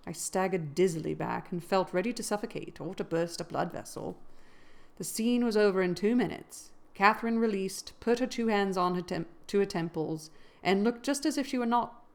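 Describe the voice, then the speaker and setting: A woman reading a classic novel aloud in a measured narrating voice that grows louder at dramatic moments. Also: mid-range voice. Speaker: reader.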